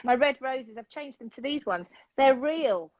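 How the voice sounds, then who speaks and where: A British woman co-hosts a casual chat in a gushing, giggly way. Her voice sits a little high and swoops up and down with animated energy. The sound is dry and muffled, like a lo-fi live stream. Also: measured pace, a little hiss or hum. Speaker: co-host.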